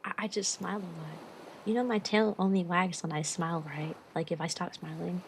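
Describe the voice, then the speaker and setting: A woman's voice: fairly low pitch, fairly even intonation, brisk, a little hiss or hum, rough recording. A woman streamer chatting casually and bubbly with her live chat, greeting viewers and giggling often.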